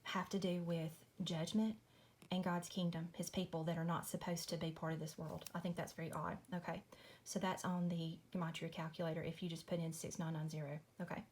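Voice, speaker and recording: A woman's voice: on the low side, little pitch movement, fairly quick, darkish tone, slight background noise. A woman, chatting casually through a Bible study at home at night, apologetic and friendly, saying y'all. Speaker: Christian video host.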